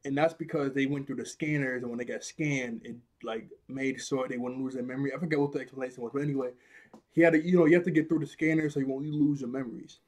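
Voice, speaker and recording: A man's voice: medium pitch, fast talker. Laughing young man recapping a cartoon. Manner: animated, slangy, laughs often while retelling scenes. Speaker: cartoon episode reviewer. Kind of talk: casual recap and commentary.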